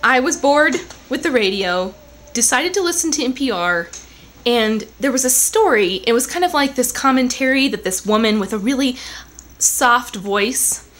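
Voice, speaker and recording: A young woman chatting to camera in her living room, rambling and animated with lots of asides. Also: on the high side, normal speed. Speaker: vlogger. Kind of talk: casual chat to camera.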